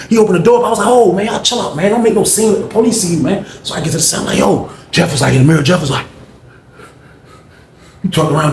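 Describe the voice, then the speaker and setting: A man tells a story in an excited, animated way, jumping into loud, high-pitched bursts when he acts out what other people said. His voice sits a little high. The sound is roomy and echoey, with a faint hiss underneath. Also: rapid-fire. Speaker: storyteller recounting jail events. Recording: echoey room with faint background noise.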